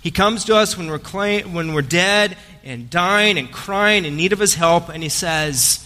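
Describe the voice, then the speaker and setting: A man's voice: a little high, lively intonation, normal speed, hardly any pauses, sharp tone. A man preaching an Easter sermon in a church, telling a story and joking with the congregation in a conversational way. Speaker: pastor. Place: church sanctuary. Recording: long hall reverb.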